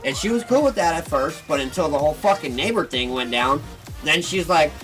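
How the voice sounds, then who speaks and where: A man hosting a gaming channel, ranting heatedly and with lots of swearing about his personal troubles, flipping between bitter muttering and loud outbursts. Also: a little high, animated, brisk, rough recording. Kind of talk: venting casual rant. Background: faint background music.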